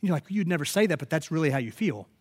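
A man's voice: fairly high pitch, lively intonation, very fast, a little mellow. A man preaching a sermon, telling stories and rising to emphatic peaks. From United States. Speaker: pastor.

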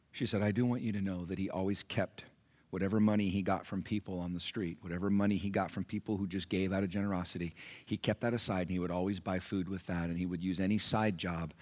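Here a middle-aged man gives a sermon as pastor, his delivery swinging from hushed narrative to high, loud exhortation.

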